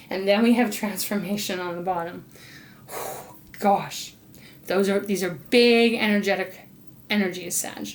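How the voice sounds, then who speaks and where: A woman giving a casual tarot reading, effusive and gushing with excitement, murmuring softly when she addresses spirit. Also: mid-range voice, unhurried. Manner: talks to spirit, murmurs softly while drawing cards. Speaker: intuitive tarot reader.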